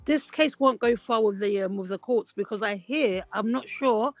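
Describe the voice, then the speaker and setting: A woman, co-hosting a casual chat and telling stories with lively acted-out quotes. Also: on the high side, moderate pace, no echo. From Britain. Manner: animated storytelling, acts out quotes. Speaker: podcast co-host. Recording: dull lo-fi sound with faint music.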